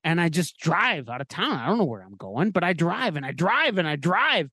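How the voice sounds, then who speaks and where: A man's voice: fairly high pitch, sing-song, normal speed, sharp tone, breathy edge, no room sound. A man hosting a podcast, telling a crude comic horror story in a rambling way and laughing at his own jokes. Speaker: podcast host. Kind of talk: comedic spooky storytelling.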